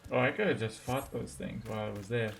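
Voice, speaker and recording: A man's voice: fairly low pitch, fast talker, creaky, a little hiss or hum. A man streaming a game playthrough, muttering casual asides and reading the on-screen text aloud. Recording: game music behind.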